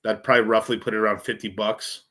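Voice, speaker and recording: A man hosting a crypto livestream talks fast in a lowish, level voice that sounds pushed and bright. He swears casually and rambles through the charts while thinking aloud, using a streaming setup mic.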